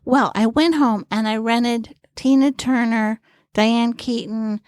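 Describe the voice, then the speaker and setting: A woman in her sixties, a comedian, telling lively stories as a podcast guest. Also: a little high, slow, dry recording, studio quality. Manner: lively anecdotal storytelling, acting out quoted voices. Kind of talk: storytelling in a podcast interview.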